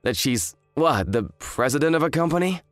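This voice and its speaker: A man's voice: on the high side, expressive, normal speed, no room sound, soft background music, lightly acted. A man voicing an arrogant, hungover young fiancé who talks in a smug, dismissive drawl. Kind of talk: dramatized story voice acting.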